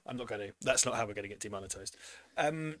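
A man's voice: lowish voice, expressive, fairly bright tone, dry recording. A man hosting a live stream, chatting casually in a jokey, rambling way. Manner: jokey, rambling, quick to laugh. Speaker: stream host.

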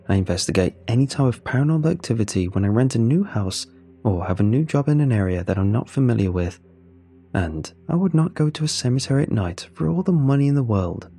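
A man reading a first-person horror story in a steady, measured storytelling voice. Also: mid-range voice, breathy edge. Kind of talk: scripted horror narration.

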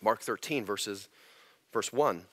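A man's voice: fairly low pitch, slow, fairly bright tone, no room sound. A male pastor teaching through scripture in a conversational sermon, often repeating words as he restarts his thoughts. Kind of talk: expository sermon. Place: church sanctuary.

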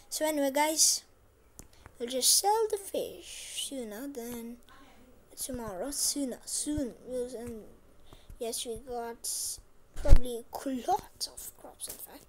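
A woman's voice: high voice, slow, a little hiss or hum. A woman hosting a gaming channel, chatting casually over a farming game and repeating short phrases to herself. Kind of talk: casual gameplay commentary.

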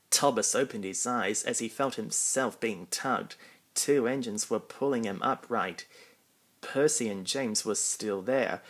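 A man reading a children's storybook aloud in a plain, even narration. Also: mid-range voice.

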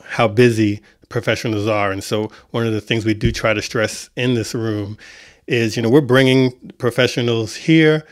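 A man's voice: mid-range voice, no echo, studio quality. A man hosting an online music panel, talking casually with many restarts. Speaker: community host.

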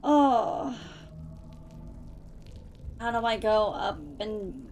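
A woman's voice: a little high, very slow, a little mellow, a little hiss or hum. A woman streaming a game live, chatty and gushing, thanking viewers emotionally. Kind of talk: live gaming stream commentary.

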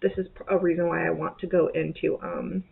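A woman's voice: fairly low pitch, little pitch movement, brisk, gravelly, phone-quality sound. A woman from southern Indiana with a slight Southern accent, chatting casually and rambling with many fillers in a cross-stitch vlog. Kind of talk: casual chat.

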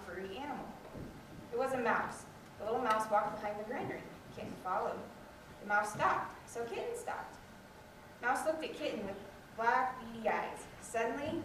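A woman reading a children's story aloud with lively expression at a school program. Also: on the high side. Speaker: student reader. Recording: echoey hall from far off, noisy.

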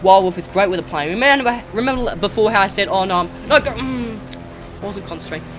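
A gamer giving excitable let's play commentary, yelling and cheering often while flying. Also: mid-range voice, fast, music in the background.

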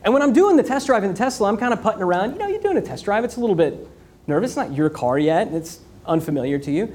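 High-voiced, animated male keynote speaker. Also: fast talker. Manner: animated storytelling with rhetorical questions and repetition. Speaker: conference speaker. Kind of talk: energetic business keynote.

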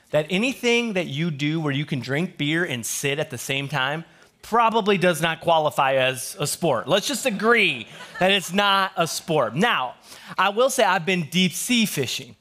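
A man pastor giving a sermon to his church, telling jokey stories with quick asides before reading scripture. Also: a little high, sharp tone. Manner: joking storyteller, quick asides. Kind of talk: humorous sermon.

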